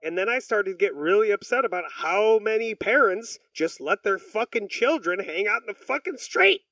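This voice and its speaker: A man's voice: sits high, lively intonation, normal speed, sharp tone, dry recording, far from the mic, poor audio. A man co-hosting a podcast in casual, profane chat, rambling and acting out the people he quotes. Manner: rambling, swears a lot, acts out quoted people. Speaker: podcast co-host.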